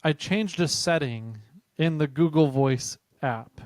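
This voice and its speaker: A man's voice: a little high, slow, a little mellow, no echo, clean studio sound. A man hosting a podcast, chatting casually and retelling a funny story with laughter. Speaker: podcast host.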